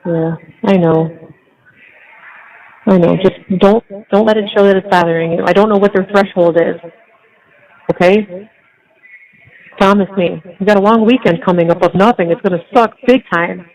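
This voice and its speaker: A middle-aged woman talking to her daughter on a phone call, firm and soothing, repeating herself to calm her down. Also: medium pitch, normal speed, pauses often. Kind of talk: casual phone chat.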